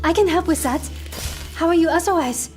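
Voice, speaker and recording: A gentle young woman with a high voice. She sounds soft, hesitant and earnest. This is a video game cinematic. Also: a little fast, over music. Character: kind, shy young woman, gentle helper.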